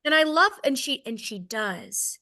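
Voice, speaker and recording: A woman's voice: sits high, animated, a little slow, pushed and bright. A woman in her thirties with a Southern American accent, giving a casual, candid sales training talk, self-deprecating and checking in with "okay?" often. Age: 30s.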